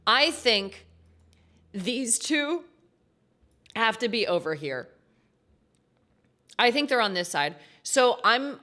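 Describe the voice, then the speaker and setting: A woman streaming a game, reading the game's text aloud in casual chat, excitable and swearing freely as she talks to her viewers. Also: medium pitch. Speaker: gaming streamer.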